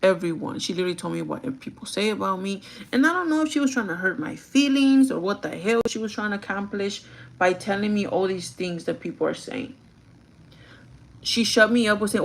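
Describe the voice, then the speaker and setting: Gravelly woman venting on a livestream. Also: medium pitch, expressive, fairly quick. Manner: venting, swears freely, mixes English and Spanish. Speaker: vlogger. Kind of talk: casual get-ready-with-me livestream chat.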